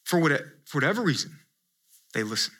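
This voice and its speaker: A male pastor giving a conversational sermon, telling a story with animated asides and frequent restarts. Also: fairly high pitch, a little fast.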